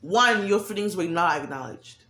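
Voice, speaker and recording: A woman's voice: lowish voice, lively intonation, moderate pace, sharp tone. A woman giving a candid, profane monologue about emotions, acting out quoted voices as she talks. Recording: echoey room.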